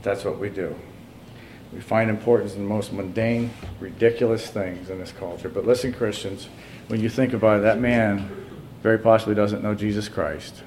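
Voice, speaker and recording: A male pastor delivering a sermon to his congregation. He drops into low, quiet asides and then rises to loud, high-pitched emphasis. A faint hiss sits under the recording. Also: fairly even intonation, moderate pace.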